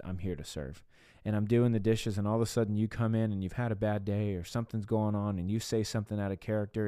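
A man's voice: fairly low pitch, warm tone, no echo, studio quality. A man preaching on a devotional podcast sermon, earnest and conversational, with rhetorical asides to the listener.

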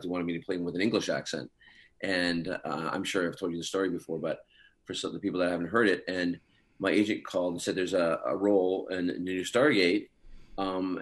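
A man, an actor, chatting in an interview and rambling through stories with lots of fillers. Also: sits low. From Scottish heritage through his parents. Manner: rambling storytelling, many fillers. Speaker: actor guest. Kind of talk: casual interview chat.

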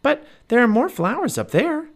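A man's voice: very high-pitched, normal speed, gravelly, voice pushed up, exaggerated voice. A man voicing a bubbly, fearless little girl. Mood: sweet. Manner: bubbly and excited. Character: eager, fearless young girl. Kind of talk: storybook read-aloud.

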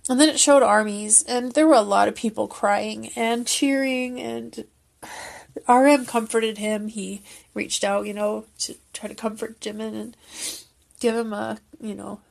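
Earnest woman recapping, slightly high voice. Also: fairly even intonation, unhurried, gravelly. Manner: emotional, earnest, rambling. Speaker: fan video creator. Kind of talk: casual recap commentary.

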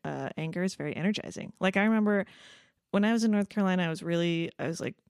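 A woman in casual podcast chat, animated, laughing often and acting out quoted voices. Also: fairly low pitch, very fast, clean tone, no room sound, studio quality.

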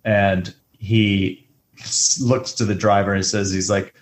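Animated, jokey man. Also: slow pace. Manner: animated, jokey, rises high when riffing. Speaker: podcast co-host. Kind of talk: casual movie podcast chat.

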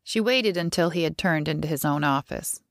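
A woman reading a first-person audiobook story in a measured, wry storytelling manner, close to the mic. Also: sits low, dry recording. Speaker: audiobook narrator.

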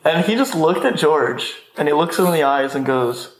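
A man's voice: a little high, moderate pace. A young man in his twenties, a guest in a casual chat, telling stories animatedly with frequent laughter. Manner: animated storyteller, laughing often. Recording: roomy echo.

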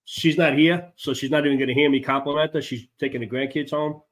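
A man's voice: a little high, fairly even intonation, fast. Older Chicago-accented man, radio guest, matter-of-fact. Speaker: guest, motorcyclist advocacy director. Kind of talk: casual interview.

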